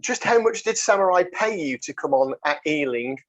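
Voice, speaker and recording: A man's voice: a little high, expressive, normal speed, dull audio, a crowd in the background. A man hosting a podcast, chatting with a guest in a chummy, teasing way. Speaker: podcast host. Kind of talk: casual chat.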